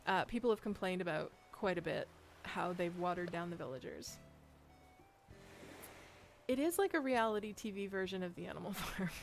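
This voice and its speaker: A woman's voice: lowish voice, expressive, normal speed, gravelly, soft background music. A woman streaming a game, chatting casually and rambling, laughing often. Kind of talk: casual chat while playing.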